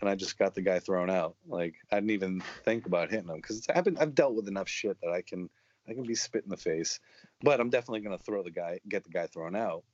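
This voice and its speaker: A man's voice: low-pitched, fast, a little mellow, no room sound, lo-fi sound. A man telling rambling, profanity-laced stories in a casual chat. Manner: profane, rambling, matter-of-fact.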